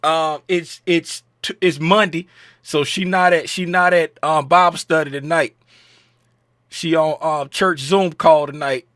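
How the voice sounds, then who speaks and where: A man hosting a trading livestream in casual chat, joking around and shouting out viewers in chat by name. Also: on the high side, fairly even intonation, measured pace, no room sound, studio quality.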